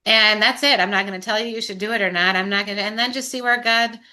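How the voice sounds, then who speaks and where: A woman speaks in a casual recovery meeting chat, her voice bright and forceful and somewhat strained. She rambles with passion, swears freely and breaks into laughter. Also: medium pitch, fairly even intonation, quick pace. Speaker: sober group member.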